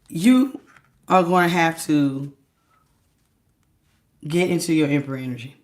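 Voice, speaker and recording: A woman reads tarot cards straight to her viewers, animated and emphatic, with loose slangy phrasing. Her voice sits a little on the low side. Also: takes it slowly, long pauses. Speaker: tarot reader. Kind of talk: direct-to-camera tarot reading.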